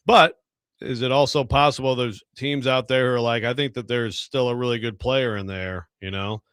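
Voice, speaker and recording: Bright-voiced sports radio co-host, man. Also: medium pitch, steady tone, normal speed, smooth, no room sound, clean studio sound. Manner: hesitant, full of "you know" fillers. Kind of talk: casual sports talk.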